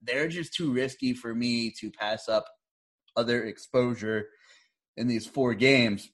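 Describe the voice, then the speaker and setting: A man co-hosting a casual basketball betting podcast, rambling in a relaxed way and trailing off. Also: medium pitch, a little slow. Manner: laid-back, rambling, trailing off. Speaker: fantasy basketball podcast co-host.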